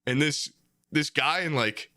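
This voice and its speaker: A man's voice: fairly high pitch, unhurried, sharp tone, dry recording, studio quality. A young man, a podcast co-host, telling a rambling bar story with lots of "like" and acted-out quotes. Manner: rambling, heavy use of "like", acts out quoted voices. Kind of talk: casual storytelling chat.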